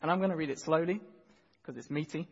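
Speaking fast in a large hall, a pastor with a slightly rough voice on the high side delivers an earnest sermon. He paints vivid scenes and guides the congregation through the reading, and the sound is lo-fi.

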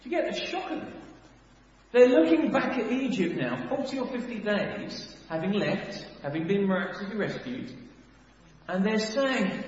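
A man preaching a sermon, animated, full of rhetorical questions and sudden swings between loud and hushed. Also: high voice, normal speed. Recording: echoey hall, dull sound.

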